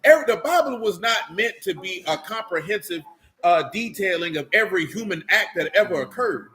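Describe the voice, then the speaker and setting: High, bright-voiced man teaching scripture. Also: fairly quick. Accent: African American Vernacular English. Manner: animated, preachy, street vernacular, rhetorical questions. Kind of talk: sermon-style Bible teaching.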